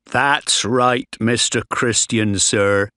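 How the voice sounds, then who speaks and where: A man voicing a cheeky, boisterous sailor in a slow, dry storybook reading. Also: medium pitch, fairly even intonation, bright, forceful tone, clear, resonant tone, dry recording. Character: cheeky, laughing male sailor.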